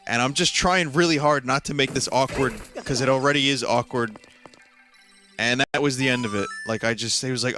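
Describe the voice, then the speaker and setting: Bright-voiced man rambling through a story. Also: mid-range voice, a little fast. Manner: rambling, animated, laughing, lots of fillers. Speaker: streamer. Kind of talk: casual storytelling while gaming. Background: faint game music.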